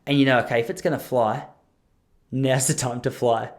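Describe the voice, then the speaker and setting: A man's voice: medium pitch, fairly even intonation, moderate pace. A young man hosting a podcast, telling a long story alone in a rambling, jokey way and breaking off his own sentences. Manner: rambling, self-interrupting, jokey asides. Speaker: podcast host. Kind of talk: casual solo storytelling.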